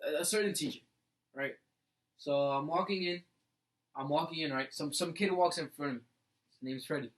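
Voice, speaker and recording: A young man co-hosting a casual podcast, telling animated school stories full of "like" and "bro.". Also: fairly high pitch, normal speed, long pauses, low-quality recording. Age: young adult. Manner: animated storyteller, fills with "like" and "bro". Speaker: podcast co-host. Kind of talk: casual chat.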